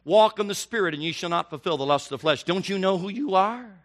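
A middle-aged man preaching a sermon, animated and rising to near shouts on his emphatic questions. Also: sits high, quick pace, few pauses.

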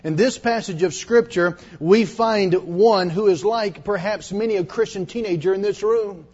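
A middle-aged male preacher giving a dramatic sermon to teenagers, dropping to hushed tones when he retells confessions. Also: sits high, moderate pace, slightly rough. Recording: dull lo-fi sermon recording.

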